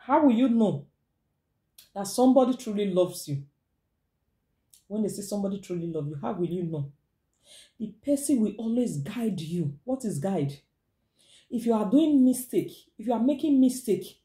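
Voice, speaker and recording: A woman with a Nigerian accent giving relationship advice in a casual, animated monologue, acting out quoted voices and slipping into pidgin. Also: mid-range voice, normal speed, pauses often, reverberant.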